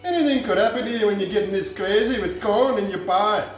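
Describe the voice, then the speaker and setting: An Irish man hosting a comic home cooking show, rambling through jokey, deadpan asides in his kitchen. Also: sits high, brisk, heavy reverb, soft background music, poor audio.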